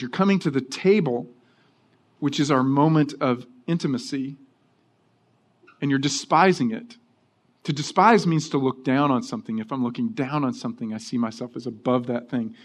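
A middle-aged man preaching a sermon, telling personal stories in a lively way. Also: medium pitch. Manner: storytelling, animated, acting out quoted voices. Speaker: pastor.

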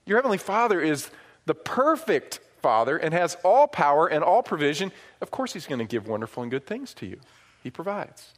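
A middle-aged man from upstate New York preaching a sermon, telling stories with swings from hushed asides to loud, emphatic points. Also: fairly high pitch, big pitch swings, brisk. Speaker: pastor.

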